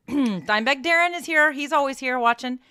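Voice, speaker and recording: A woman co-hosting a live stream, upbeat and quick to laugh as she reads out viewer comments. Her voice is bright, and the recording is dry and close. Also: sits high, no room sound. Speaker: co-host. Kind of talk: casual live-stream banter.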